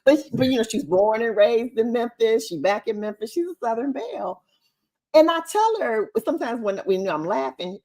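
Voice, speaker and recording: A woman co-hosting a casual livestream chat over a video call, chatty and animated. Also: fairly high pitch, normal speed. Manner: animated, chatty, laughs often. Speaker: co-host and co-author.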